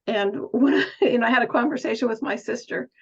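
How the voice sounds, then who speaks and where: A woman's voice: a little high, fairly quick, creaky, husky, lo-fi sound. A woman nurse coach giving a thoughtful, musing talk on coaching, with an occasional light laugh.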